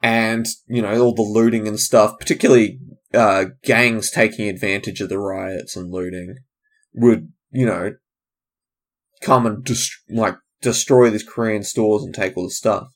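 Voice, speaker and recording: A man's voice: lowish voice, steady tone, a little slow. A man, a comedian, hosting a solo podcast in a loose, rambling, digressive way, with frequent trailing-off asides. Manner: casual, loose and digressive, trailing off, many fillers.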